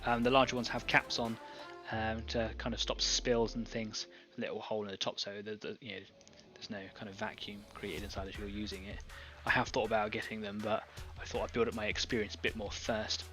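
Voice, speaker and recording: A man's voice: lowish voice, little pitch movement, brisk, hardly any pauses, sharp tone, soft background music. A man hosting an online painting club, chatting casually and thinking aloud as he demonstrates airbrush painting. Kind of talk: casual live-stream painting demo.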